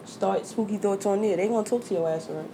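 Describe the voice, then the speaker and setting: A woman from Jersey City hosting a podcast in casual chat, telling stories in a profane, animated way. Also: mid-range voice, fast, creaky, slight background noise. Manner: storytelling, profane, animated retelling. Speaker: podcast host.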